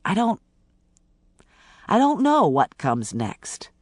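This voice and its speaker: Audiobook casting: narrator reading as a blunt, stubborn woman cop, wry and defensive, with slow, expressive lines. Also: medium pitch, dry recording, clean studio sound, heavily acted. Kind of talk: audiobook character voice.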